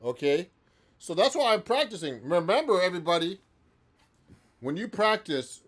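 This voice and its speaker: A man's voice: high-pitched, big pitch swings, moderate pace, fairly bright tone. A man who is a professional musician and guitar teacher, chatting loosely through a live-stream practice session and answering viewers, with frequent restarts.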